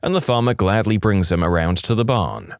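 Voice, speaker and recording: A man narrating jokes on a podcast in a wry, animated storytelling manner. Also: on the low side, brisk, clean tone, no room sound, clean studio sound. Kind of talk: reading jokes aloud.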